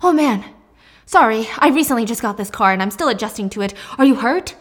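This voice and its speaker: A woman's voice: a little high, lively intonation, fairly quick. A sly man who is overly polite and mock-apologetic while he needles his rival, as a woman acts him out. His tone stays courteous and innocent-sounding.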